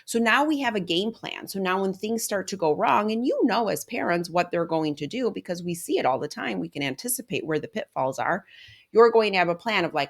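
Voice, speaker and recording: A woman's voice: mid-range voice, expressive, a little fast, vocal fry. A woman in her thirties hosting a solo podcast, speaking earnestly and directly to listeners as a coach. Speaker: podcast host. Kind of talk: solo podcast talk on parenting.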